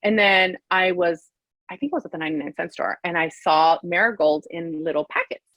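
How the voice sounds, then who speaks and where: A woman's voice: a little fast, no echo. A woman guest, a therapist and life coach, telling a story in casual chat and acting out what people said with big jumps in her voice. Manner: animated, acts out quoted voices with big pitch jumps.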